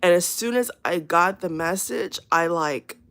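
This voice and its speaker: A woman's voice: lowish voice, measured pace, a bit bright. A woman hosting her channel, speaking casually and earnestly to her viewers, rambling and repeating herself with many fillers. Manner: earnest and emphatic. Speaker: channel host. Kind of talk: casual spoken warning to viewers.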